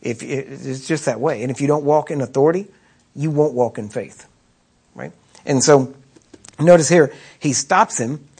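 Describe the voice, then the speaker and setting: Husky-voiced man preaching a sermon. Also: mid-range voice, moderate pace, a little mellow. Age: adult with children. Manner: conversational preaching, rhetorical questions.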